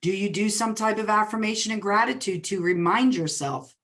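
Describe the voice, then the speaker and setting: A woman with a New Jersey accent, a real estate coach presenting a webinar in a fast, excited, upbeat way. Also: mid-range voice. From New Jersey, US Northeast.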